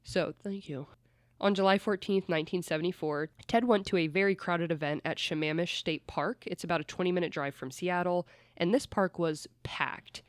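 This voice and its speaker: Podcast host, mid-pitched, chatty true-crime storyteller who swears freely; dry, close recording. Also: fairly even intonation, moderate pace, no room sound.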